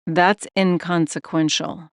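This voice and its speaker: A woman puts on an eerie older male caller for an audiobook, his voice deep and gravelly, slow and controlled with a menacing edge. He comes across low and dry, close to the mic with no room around him. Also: steady tone, no echo. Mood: ominous.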